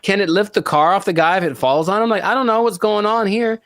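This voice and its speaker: A man's voice: sits high, steady tone, fast talker, fairly bright tone, no room sound, studio quality. A young man co-hosting a casual talk show, rambling and wry, often cutting himself off mid-thought. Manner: rambling, self-interrupting, wry. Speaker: podcast co-host. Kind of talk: casual chat.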